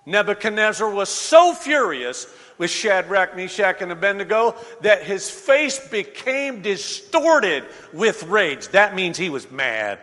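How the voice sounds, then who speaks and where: A man preaching a sermon, reading scripture aloud and explaining it with animated asides that build to shouts. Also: high-pitched, unhurried, hardly any pauses. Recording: long hall reverb.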